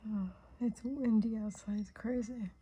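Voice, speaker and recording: A woman speaks in a very husky, breathy half-whisper while filming outdoors in her backyard. She talks slowly and softly, cooing as she watches, with an occasional cough. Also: a little high, steady tone, dull audio. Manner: hushed, cooing softly at kittens. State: coughing and sneezing. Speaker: vlogger. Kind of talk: casual vlog commentary.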